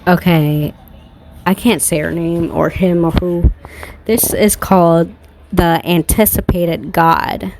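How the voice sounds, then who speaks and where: A woman doing a casual tarot card reading, reading slowly from a card book and then ranting with heavy swearing. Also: lowish voice, fairly even intonation, darkish tone, a little hiss or hum. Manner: profane, heated ranting with bursts of laughter; slow, deliberate reading aloud.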